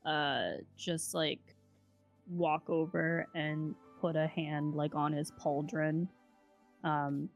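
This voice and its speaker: A woman player in a tabletop game who speaks in a halting, sincere way with many fillers. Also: low voice. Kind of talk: in-character tabletop role-play.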